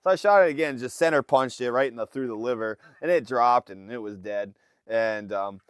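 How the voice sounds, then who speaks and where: A man's voice: mid-range voice, expressive, normal speed. A man hosting a casual livestream from a fishing boat, telling a story and acting out his family's voices. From Alaska. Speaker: livestream host. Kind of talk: casual storytelling to live chat. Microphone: phone livestream.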